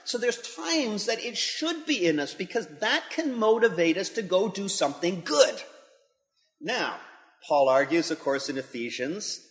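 A man's voice: high voice, sing-song, a little slow, a bit bright. A middle-aged man, a pastor and school leader, giving an earnest devotional talk that builds to emphatic intensity. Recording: long hall reverb.

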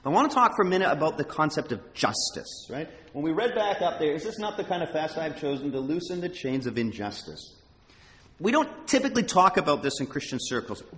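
A man preaching a sermon as pastor, emphatic and animated, with halting restarts. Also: fairly high pitch. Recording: long hall reverb.

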